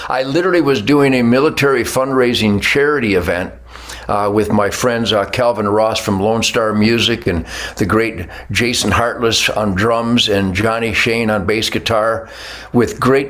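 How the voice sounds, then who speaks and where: A man's voice: mid-range voice, poor audio. An older American man hosting a talk show, speaking with passion and stacking emphatic strings of words. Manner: impassioned, emphatic lists of words. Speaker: show host. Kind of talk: opinionated talk show chat.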